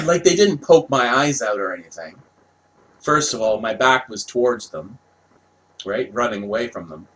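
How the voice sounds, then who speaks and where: Slow-talking man telling a wild story. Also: mid-range voice, slight background noise, poor audio. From Canada. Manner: animated, swears, laughs while telling. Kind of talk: casual storytelling.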